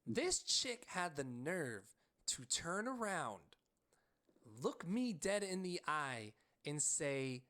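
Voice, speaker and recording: A man co-hosting a podcast, telling a story in an animated, excitable way and leaning on the word "like.". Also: a little high, takes it slowly. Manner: frequent "like" fillers. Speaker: podcast co-host. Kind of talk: casual storytelling chat.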